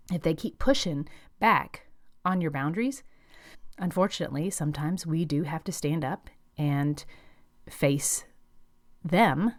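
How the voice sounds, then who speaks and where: A woman hosting an advice podcast, speaking calmly and directly with firm emphasis. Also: on the low side, no echo, studio quality. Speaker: podcast host.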